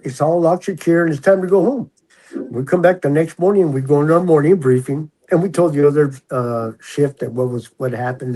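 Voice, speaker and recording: A man in his sixties, a retired prison officer, tells stories in a loose, chatty way. His voice is mellow and husky and sits a touch higher than most men's. He drops into the voices of the people he quotes as he goes. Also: poor audio. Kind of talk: casual storytelling.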